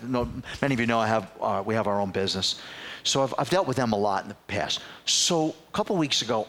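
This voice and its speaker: Middle-aged male pastor, lively church storyteller who slips into other people's voices mid-sermon. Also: medium pitch. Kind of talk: sermon with personal stories. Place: church sanctuary.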